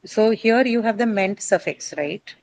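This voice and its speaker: A woman's voice: mid-range voice, a little slow, a little mellow, no echo, rough recording. A woman teaching English word stress to a class. She explains step by step, often says "uh", and asks her students questions.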